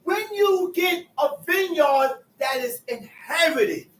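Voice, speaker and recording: A man's voice: very high-pitched, lively intonation, slow pace, fairly bright tone, distant mic, slight background noise. A man teaching a Bible class, explaining scripture in casual street talk. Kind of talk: preaching Bible study. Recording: echoey room, voice from afar.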